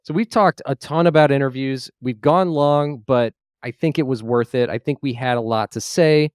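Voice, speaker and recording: A man's voice: medium pitch, a little mellow, clean tone, dry recording, studio quality. Friendly man hosting a podcast. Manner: affirming, friendly, quick interjections. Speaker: podcast host. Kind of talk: casual podcast interview.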